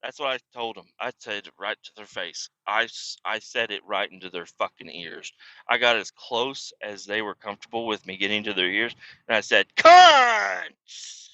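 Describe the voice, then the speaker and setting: A man hosting a podcast, telling a story in a profane, exasperated rant and shouting out the lines he re-enacts. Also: lowish voice, fairly quick, no room sound, dull audio. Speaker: podcast host.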